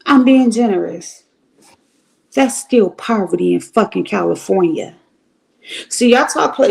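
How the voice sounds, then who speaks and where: Speaking straight to her chat, a gravelly, somewhat high-voiced middle-aged streamer from Cleveland, Ohio, hosts casual livestream commentary. Her style is blunt, profane, and animated, with long, drawn-out asides.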